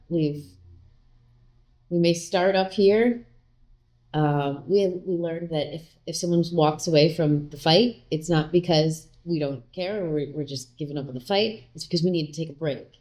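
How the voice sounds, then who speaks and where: A woman chats openly as a guest in an interview. Her voice sits a little low. She tells stories in a lively way and jumps into quoted lines of dialogue. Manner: candid, animated, acts out quoted lines. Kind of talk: casual conversational interview.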